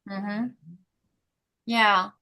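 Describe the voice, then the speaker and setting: A woman's voice: medium pitch, little pitch movement, drawn-out words, sharp tone, clear, resonant tone. A woman leading a sales team on a motivational call, talking bluntly and emphatically, often laughing.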